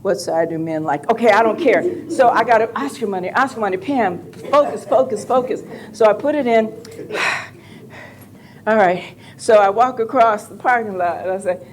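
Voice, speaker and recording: An older woman on a live convention panel, telling animated, joking stories with some profanity. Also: mid-range voice, normal speed. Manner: animated, jokey, profane anecdotes.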